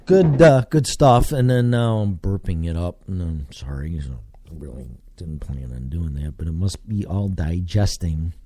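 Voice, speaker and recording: Dark-voiced rambling American man. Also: lowish voice, no room sound, studio quality. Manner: casual, digressive, lots of fillers. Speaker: podcast host. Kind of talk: rambling solo podcast monologue.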